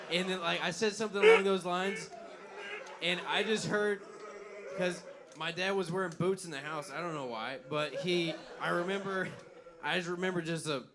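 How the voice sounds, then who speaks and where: A man's voice: a little high, noisy background. A young man co-hosting a live comedy podcast, telling crude, rambling stories and laughing at his own jokes. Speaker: podcast co-host. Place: live venue stage.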